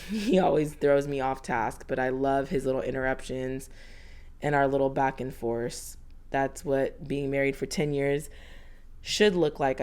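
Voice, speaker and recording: A woman's voice: a bass voice, a little mellow. A woman in her thirties narrating a homemaking vlog in a chatty, earnest voiceover, slightly out of breath. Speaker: homemaking vlogger.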